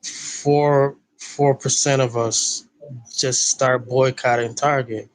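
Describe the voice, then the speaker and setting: A man's voice: medium pitch, fairly even intonation, slow pace, no echo, low-quality recording. A man co-hosting a casual streamed discussion, reasoning step by step with hesitations and restarts.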